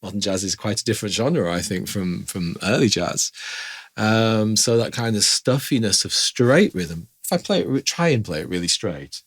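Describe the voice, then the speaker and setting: Speaking at a moderate pace in an animated, low-ish voice, a man teaches piano casually and chattily. Now and then he stops to sing out rhythm syllables while explaining.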